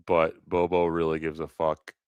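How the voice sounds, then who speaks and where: A man's voice: very deep voice, monotone, moderate pace, lo-fi sound, a little hiss or hum. A man hosting a live stream, chatting casually in a rambling, profane, joking way. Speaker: livestream host. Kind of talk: casual livestream chat.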